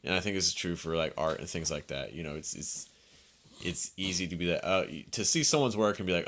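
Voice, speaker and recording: Low-pitched man, calm and reflective, talking ideas through in conversation. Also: fairly quick. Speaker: podcast co-host. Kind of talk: casual conversation.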